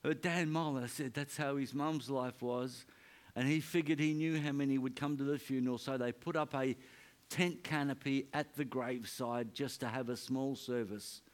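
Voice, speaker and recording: A man preaching a sermon, telling a story in an earnest, soft-spoken way. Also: mid-range voice, steady tone, moderate pace. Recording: music playing behind.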